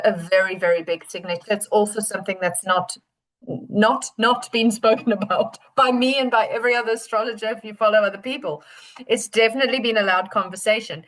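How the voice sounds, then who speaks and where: A woman's voice: medium pitch, poor audio. A woman astrologer talking through a moon forecast in a chatty, rambling way. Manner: chatty, rambling, warm storytelling. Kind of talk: casual forecast talk.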